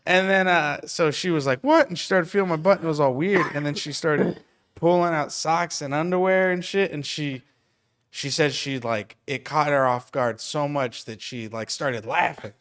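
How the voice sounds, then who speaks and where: A man hosting a podcast who tells stories in an animated way, laughing often as he goes. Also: a little high, normal speed, clean tone. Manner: animated storyteller, laughs through his stories. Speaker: podcast host and stand-up comedian. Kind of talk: casual podcast chat.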